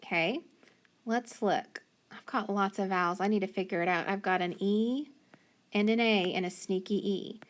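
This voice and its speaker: A woman with a medium-pitched voice teaches a phonics lesson, patiently and slowly sounding out letters and syllables.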